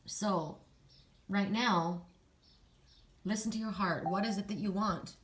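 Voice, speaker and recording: A woman reads cards and talks straight to the listener, circling back and restarting her thoughts. Her voice sits at an ordinary middle pitch for a woman. She turns soft and sighing now and then. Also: animated, unhurried, pauses often. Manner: rambling, with restarts and asides to the listener; emotional, soft and sighing in places. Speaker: psychic card reader. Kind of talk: casual spiritual card reading.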